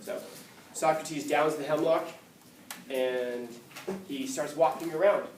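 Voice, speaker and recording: A man teaching a class, telling a story in a lively way and acting out the quotes, often restarting his sentences. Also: a little high, takes it slowly, a little hiss or hum. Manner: animated storytelling, acts out quotes, frequent restarts. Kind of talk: classroom lecture. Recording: echoey classroom from far off.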